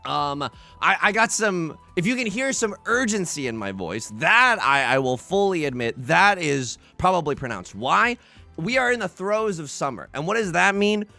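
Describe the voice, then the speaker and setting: Male let's-play host, fairly high, gravelly edge, chatty and self-mocking, arguing with himself while gaming. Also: moderate pace, faint music behind. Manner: animated, self-deprecating, talks back to himself. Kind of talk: casual gaming commentary. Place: home bedroom.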